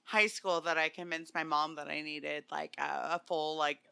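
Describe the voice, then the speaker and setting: A woman's voice: low-pitched, little pitch movement, normal speed, gravelly, pushed and bright, clean tone. A young woman co-hosting a podcast, teasing and speaking upfront in casual chat. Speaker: podcast co-host.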